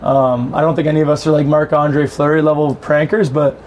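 A man in his thirties chatting on a podcast in a relaxed, laid-back way, with a voice a little higher than most men's. A faint noise sits behind him. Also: fairly quick. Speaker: pro hockey player, podcast guest. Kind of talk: casual chat.

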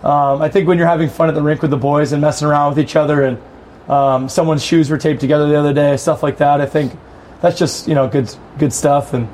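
A man in his thirties chatting on a podcast in a relaxed, laid-back way, with a voice a little higher than most men's. A faint noise sits behind him. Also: quick pace. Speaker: pro hockey player, podcast guest. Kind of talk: casual chat.

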